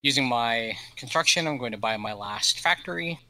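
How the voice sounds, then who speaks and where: A man playing a board game online, calmly and patiently explaining the rules. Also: medium pitch, moderate pace, rough recording. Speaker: player. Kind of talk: casual chat while playing a board game.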